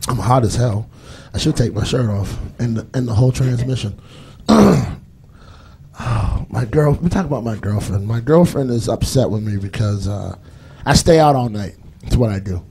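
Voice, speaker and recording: A man's voice: mid-range voice, normal speed, background noise. A young man with a Boston accent doing a rambling stand-up comedy set on a live stage, full of fillers and put-on voices. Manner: rambling, lots of fillers, puts on voices for bits.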